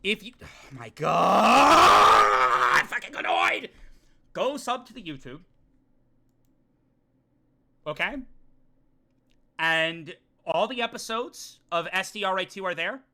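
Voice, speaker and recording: High, bright-voiced male streamer. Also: expressive, slow, pauses often. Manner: loud, emotional reactions with frequent swearing. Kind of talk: live game playthrough commentary.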